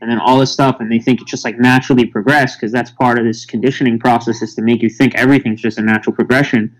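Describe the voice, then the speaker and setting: A man's voice: medium pitch, flat delivery, quick pace, low-quality recording. A man in casual podcast chat, talking in an emphatic, insistent way. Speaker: podcast guest.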